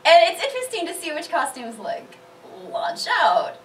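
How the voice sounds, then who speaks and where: A woman cosplayer on a convention panel, chatting casually and telling animated stories with lots of laughter. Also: high voice, normal speed, distant mic, a crowd in the background. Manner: bubbly, laughs often, animated storytelling.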